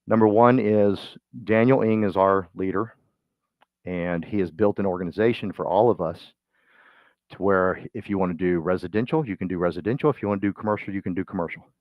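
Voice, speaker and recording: A man's voice: sits low, brisk, no room sound. Fired-up man coaching agents. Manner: energetic, folksy, preacher-like swings between loud and quiet. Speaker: real estate trainer. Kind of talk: motivational training talk. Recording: dull muffled sound, dry.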